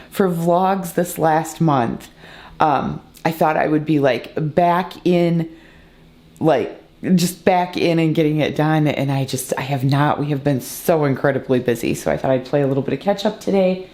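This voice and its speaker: A woman in her forties from the United States, a family vlogger and homeschooling mom, chats casually to the camera in her kitchen. Her voice is low and a little mellow. She rambles, using lots of fillers and correcting herself.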